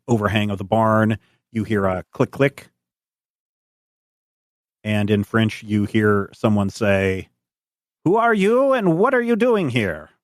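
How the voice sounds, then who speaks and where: A man narrating as game master of a tabletop game, relaxed and descriptive. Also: on the low side, no room sound, studio quality.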